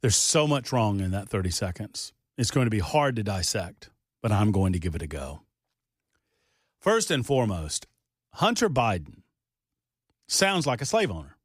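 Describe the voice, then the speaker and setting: A male radio talk show host chatting casually in the studio, rambling and animated. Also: lowish voice, moderate pace, pauses often, husky, no echo. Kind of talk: casual on-air banter.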